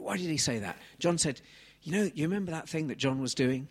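A man in his thirties from England preaching a sermon on a handheld mic, animated and swinging from soft asides to loud exclamations. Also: on the high side, brisk, few pauses.

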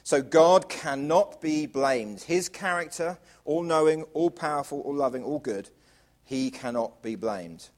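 A man preaching a sermon to a congregation, asking rhetorical questions and swinging from loud emphasis down to quiet, low lines. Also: a little slow. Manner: varies volume widely, drops to quiet emphasis; asks the audience rhetorical questions.

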